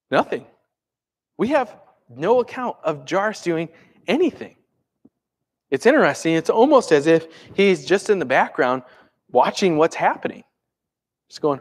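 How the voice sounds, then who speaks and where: A male pastor delivers a sermon in a relaxed, talky way. His voice sits a little high for a man. He moves from excited, pressing lines to quiet, gentle ones. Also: unhurried, long pauses, breathy edge. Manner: animated, swings from urgent to hushed and calm. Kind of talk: conversational sermon.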